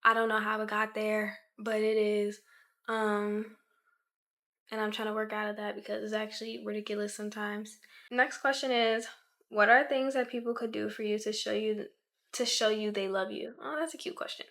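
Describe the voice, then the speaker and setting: A woman's voice: mid-range voice, flat delivery, moderate pace, fairly bright tone. A twenty-year-old woman from Maryland, chatting through a casual question-and-answer vlog and filling her talk with lots of "like". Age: 20 years old. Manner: chatty, with many filler "like"s. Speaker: YouTuber.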